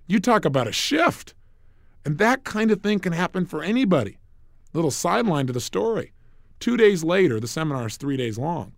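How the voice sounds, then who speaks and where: Emphatic man, lively rising and falling pitch. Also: fairly quick, creaky, dry recording, clean studio sound. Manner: emphatic, punchy coaching delivery. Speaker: motivational speaker. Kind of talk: recorded motivational talk.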